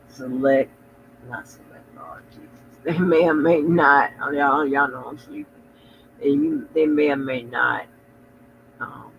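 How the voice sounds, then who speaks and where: A man's voice: medium pitch, vocal fry, muffled recording, slight background noise. A very sleepy man hosting a casual livestream, rambling and drowsy, trailing off into mumbles as he yawns. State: very sleepy, yawning. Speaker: livestream host.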